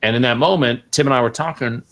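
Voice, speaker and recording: A young adult man, a podcast guest who streams, telling a casual story and animatedly acting out quotes with big jumps in pitch. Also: fast talker, a bit bright.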